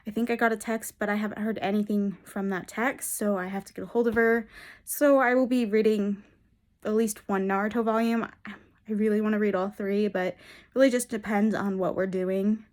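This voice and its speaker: A woman's voice: medium pitch, steady tone, normal speed, darkish tone. A young adult woman chatting casually in a reading vlog, gushing and enthusiastic, rambling with frequent restarts. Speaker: book vlogger.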